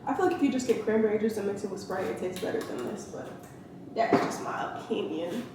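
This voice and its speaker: A woman's voice: medium pitch, expressive, a little fast, distant mic. A young woman, a mother, rambling casually through a shopping haul at home, full of "like", to a camera set down nearby. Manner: chatty and rambling, lots of "like". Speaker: vlogger, mother. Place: at home, indoors. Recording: very echoey room, off-mic, noisy.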